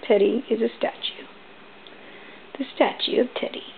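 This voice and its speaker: A woman's voice: on the high side, steady tone, moderate pace, gravelly, a little hiss or hum. A woman at home talking to her dogs in playful, sing-song baby-talk, recorded on a tinny home video. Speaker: dog owner filming her pets.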